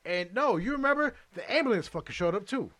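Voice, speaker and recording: Brief: man, high and very lively voice, excitable interrupter, casual chat. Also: fast talker. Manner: interrupting, excitable, repeats "listen".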